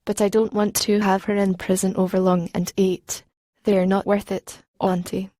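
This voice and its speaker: Woman audiobook narrator, warm mellow tone, dry close studio sound, streetwise teen voice. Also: mid-range voice, flat delivery, moderate pace, no room sound. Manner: streetwise teen voice, slangy and rhythmic. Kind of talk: first-person audiobook narration.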